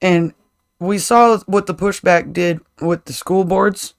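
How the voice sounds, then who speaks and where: A man's voice: high-pitched, fairly even intonation, slow pace, vocal fry. A man co-hosting a podcast, chatting casually and rambling with restarts and casual swearing, talking as a parent. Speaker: podcast co-host. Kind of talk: casual chat.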